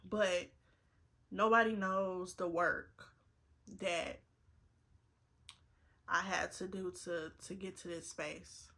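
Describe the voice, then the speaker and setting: A woman's voice: lowish voice, fairly even intonation, slow, creaky, pauses often, fairly bright tone. A woman in her twenties chatting earnestly to camera while getting ready, repeating herself for emphasis and fighting back tears. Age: 20s. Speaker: vlogger. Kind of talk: casual get-ready-with-me chat.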